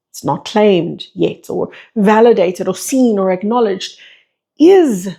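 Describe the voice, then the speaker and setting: A woman's voice: mid-range voice, mellow, slightly rough. A woman speaking as a spiritual teacher and breathwork facilitator, delivering a flowing monologue full of repeated rhetorical questions.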